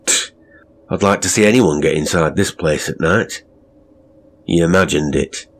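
A man's voice: sits low, a little slow. A man voicing a dismissive male night orderly who scoffs at his colleague's fears in an offhand way. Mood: scoffing.

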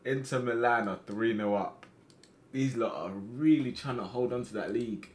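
A young man live-streaming a football manager game, reacting loudly to matches and chatting with his viewers. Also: medium pitch, normal speed, echoey room. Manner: excitable, shouts at players during matches, calmer while managing.

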